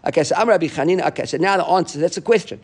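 Male Talmud teacher, high voice, rapid delivery, animated explanation of a text to students. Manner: fast, animated, mixing Hebrew and Aramaic terms into English.

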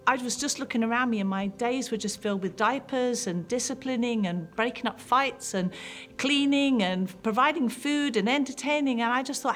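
A woman's voice: a little high, normal speed, soft background music. A woman pastor in her fifties sharing a heartfelt personal testimony with mothers, in an earnest storytelling manner.

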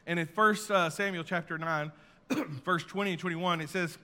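A man preaches in a high, bright, ringing voice, swelling into emphatic peaks and then dropping into soft asides. A long reverb trails each phrase, as in a church sanctuary. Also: fairly even intonation, normal speed. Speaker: pastor. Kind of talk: sermon.

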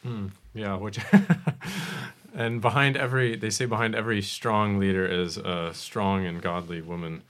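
Low-voiced man hosting a podcast. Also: unhurried, a bit bright. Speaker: podcast host. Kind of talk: hosted conversation.

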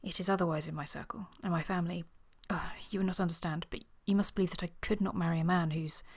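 A woman's voice: on the low side, steady tone, fast talker, husky. A woman reading a proud young governess from a novel, earnest and flustered, at times close to a whisper. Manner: earnest, sometimes dropping to a whisper.

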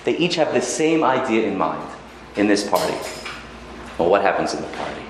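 A man giving a lively Talmud lecture, telling the story with Hebrew quotations and acted asides. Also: on the low side, moderate pace. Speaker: rabbi teaching Talmud. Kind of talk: animated Torah lecture. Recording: very echoey room with faint ambient noise.

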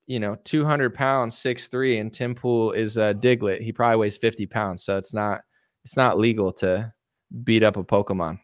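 A man's voice: lowish voice, dry recording, studio quality. A man hosting a livestream, ranting casually about politics in a boastful, combative, sarcastic way. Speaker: livestream host.

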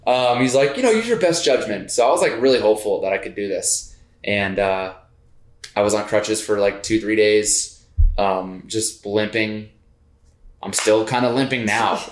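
A man on a podcast, telling a personal story in a casual, animated way and laughing as he goes. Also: fairly low pitch, measured pace. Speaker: podcast co-host. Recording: roomy echo.

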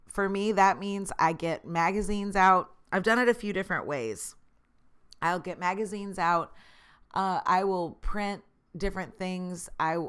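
A woman's voice: fairly low pitch, a bit bright, clear, resonant tone. A woman hosting her own podcast, talking earnestly and encouragingly to listeners in a motivational solo talk. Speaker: podcast host.

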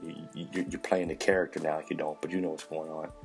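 A chef hosting a podcast tells animated stories in casual chat, swearing and imitating other people's voices. His voice is extremely low and quick-paced, with faint music behind him.

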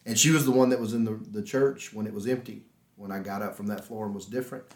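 A man's voice: on the low side, fast talker. A man, a pastor telling stories animatedly on a podcast and acting out the dialogue. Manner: animated storyteller, acts out dialogue. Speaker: pastor, regular guest. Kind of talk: podcast conversation, storytelling. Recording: roomy echo.

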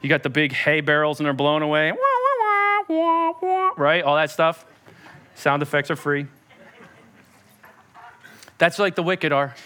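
A man preaching a sermon as pastor, animated and conversational with a playful edge. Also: a little high, moderate pace, long pauses, clear, resonant tone.

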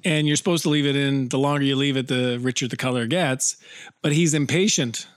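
A man in a loose, rambling podcast chat who laughs a lot and stretches his words out for comic effect. His voice sits mid-pitch and sounds dry and close, with no room echo. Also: fairly even intonation, clear, resonant tone. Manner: rambling, laughs often, slows down to drag out a joke. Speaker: podcast co-host. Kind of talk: casual chat.

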